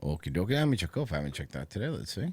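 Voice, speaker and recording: Lively, blunt podcast host guy. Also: deep voice, racing, a little hiss or hum. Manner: blunt, animated, swears freely. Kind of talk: casual profane chat.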